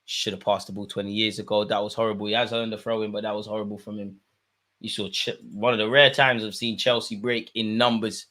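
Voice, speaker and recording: A young man, commentating live on a football match for his viewers and shouting at the screen. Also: on the low side, a little fast. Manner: excitable, swings from muttering to shouting at the screen. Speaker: football watchalong host. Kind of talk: live watchalong commentary, casual.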